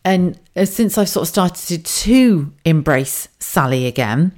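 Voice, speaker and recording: Low-voiced, sweary woman. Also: animated, measured pace, darkish tone. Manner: frank and sweary, with frequent laughs and asides; rambling, self-correcting delivery. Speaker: podcast host. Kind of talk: candid solo podcast monologue.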